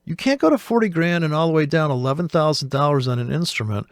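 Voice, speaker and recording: A man's voice: on the high side, expressive, fast, no echo, studio quality. A man hosting a show, giving rambling, sarcastic, profane commentary while reacting to a video. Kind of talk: casual commentary.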